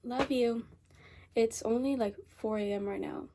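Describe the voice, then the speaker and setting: A woman's voice: fairly high pitch, steady tone, measured pace, noisy background. A teenage girl chatting casually in a rambling storytime vlog, repeating herself as she goes. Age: teens. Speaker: vlogger. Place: bedroom at night.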